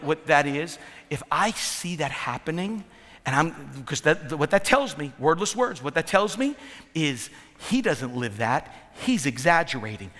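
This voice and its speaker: A man preaching a sermon as pastor, animated, acting out quotes and laughing along the way. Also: fairly high pitch. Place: large church auditorium. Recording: long hall reverb.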